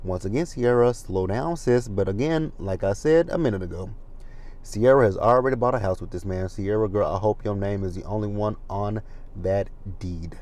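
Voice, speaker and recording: A man's voice: lowish voice, moderate pace, a little mellow. A man hosting a casual reality TV recap, talking in a chatty, gossipy way with asides and profanity. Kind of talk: casual chat commentary.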